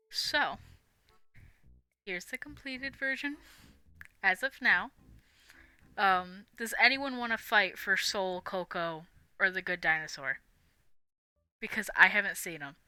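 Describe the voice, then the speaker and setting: Giggly woman with a very bright voice. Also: mid-range voice, takes it slowly, pauses often, clean tone, no echo, soft background music. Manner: giggly, rambling, with frequent laughs and fillers. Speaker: livestream host. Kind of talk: casual live-stream chat.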